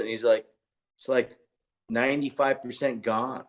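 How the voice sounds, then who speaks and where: A man who is a chiropractor and podcast co-host, chatting casually and telling clinic stories in an excitable, blunt way. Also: medium pitch, moderate pace.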